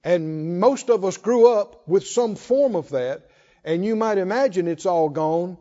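A man's voice: sits high, expressive, a little slow, warm tone. A man preaching a sermon in a folksy way, calling out to the congregation. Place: church hall. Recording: muffled hall reverb.

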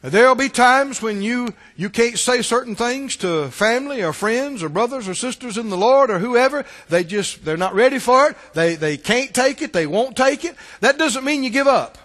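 High-voiced preacher man in a reverberant hall. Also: expressive, moderate pace, few pauses. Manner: emphatic preaching, swells to shouts and drops to hushed asides. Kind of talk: sermon.

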